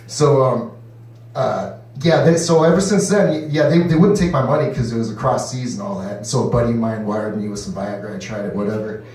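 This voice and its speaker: Speaking fairly quickly in a medium-pitched, darkish tone, a man works through his first stand-up set at a comedy club. The set is loose and rambling, peppered with "you know" and voices he acts out, recorded from a distance in an echoey room.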